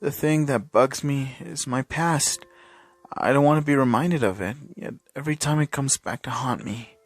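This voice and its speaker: A man's voice: mid-range voice, normal speed, no echo, close to an everyday voice. A man reading fan fiction aloud, voicing a troubled teenage boy hero who is hesitant, defensive and now and then sarcastic.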